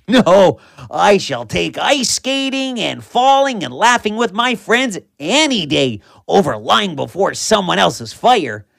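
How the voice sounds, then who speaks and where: A woman doing a gravelly grumpy storybook wolf. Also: mid-range voice, dry recording, clean studio sound, full character voice. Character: grumpy, cold, hungry male wolf.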